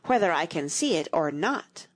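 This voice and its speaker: A woman voicing a fussy, boastful boy twin with a petulant, excitable manner. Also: low voice, normal speed.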